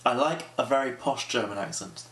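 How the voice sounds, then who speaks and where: A man's voice: mid-range voice, animated, brisk, fairly bright tone, roomy sound. A man from London, an author, chatting playfully in an interview and laughing often. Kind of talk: casual conversational interview.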